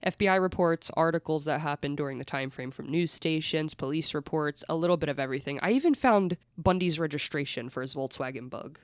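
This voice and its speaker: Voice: medium pitch, a little fast, hardly any pauses, clean tone, no room sound, studio quality. A podcast host telling a true-crime story in casual, blunt chat and swearing freely.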